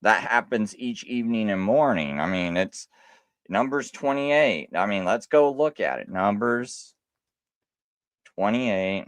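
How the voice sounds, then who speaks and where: A man hosting a live stream, talking casually and insistently, with halting restarts as he argues a point. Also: fairly low pitch, expressive, dry recording.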